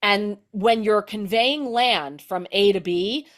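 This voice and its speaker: Brief: middle-aged woman, comic storyteller, lively and chatty, mid-pitched. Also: slow. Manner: animated, explanatory, filler-heavy with "like". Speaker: guest comedian. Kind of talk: conversational storytelling.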